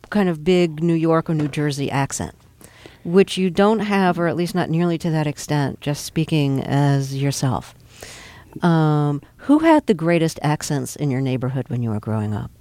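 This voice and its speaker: A woman interviewing an actor, asking measured, thoughtful questions. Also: deep voice, a little mellow, dry recording.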